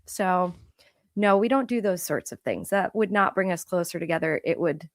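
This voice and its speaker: A married woman from Hawaii and Southern California, a podcast guest who tells her stories in an animated, self-deprecating way. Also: fairly low pitch, moderate pace, dry recording, studio quality. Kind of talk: casual podcast chat.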